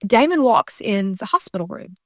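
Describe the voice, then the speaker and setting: A middle-aged woman recounts a personal faith testimony as a podcast guest. Her voice sits at an ordinary middle pitch. Her telling is earnest and tumbling, full of restarts and fillers, and the sound is dry and close with no room around it. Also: very animated, moderate pace, no echo.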